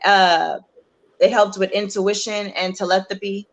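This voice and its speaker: A young adult woman, a guest on a talk show, earnestly telling a personal story in a halting way, with many fillers and restarts. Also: medium pitch, fairly even intonation. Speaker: guest sharing her story.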